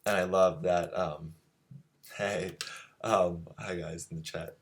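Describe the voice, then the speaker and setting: Low-voiced easygoing male drawing teacher. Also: fairly even intonation, slow. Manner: easygoing, filler-heavy, chatty with viewers. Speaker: drawing teacher and show host. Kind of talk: casual live-streamed drawing lesson.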